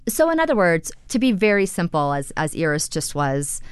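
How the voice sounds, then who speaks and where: Low, smooth-voiced woman reporter. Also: sing-song, moderate pace, dry recording, studio quality. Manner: explanatory, conversational, frequent "you know" fillers. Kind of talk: radio interview conversation.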